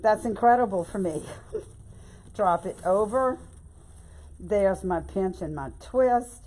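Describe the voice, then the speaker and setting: Woman, chatty folksy craft instructor, live-stream tutorial, middle pitch. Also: slow pace, a little mellow. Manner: chatty, folksy, repeatedly addresses viewers as "y'all" and "babe". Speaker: bow-making instructor.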